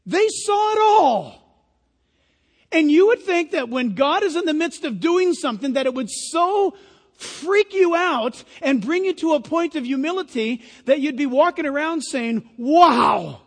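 A man preaching a sermon in a lively, conversational way. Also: extremely high pitch, normal speed. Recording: long hall reverb.

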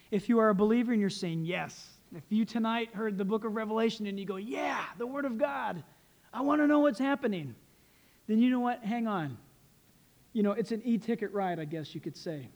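A man preaching a sermon as pastor, animated and joking, laughing at his own quips. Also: sits high.

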